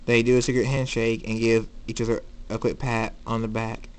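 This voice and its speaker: A man's voice: mid-range voice, little pitch movement, brisk, clean tone. Man reading a fan story aloud. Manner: plain reading, some restarts. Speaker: fan fiction reader. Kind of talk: amateur story narration.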